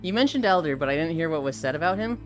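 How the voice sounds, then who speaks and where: Woman streamer host, lower voice, very expressive melody, swears casually. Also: racing, faint music behind. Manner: animated, swears freely, reads chat aloud. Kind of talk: casual live-stream chat.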